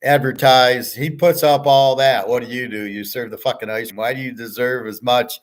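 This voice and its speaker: A middle-aged man holding forth on his own live stream. He rants in a blunt, profane way, sure of himself and dismissive, in a casual monologue of middling pitch. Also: steady tone, normal speed. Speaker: host of a live show.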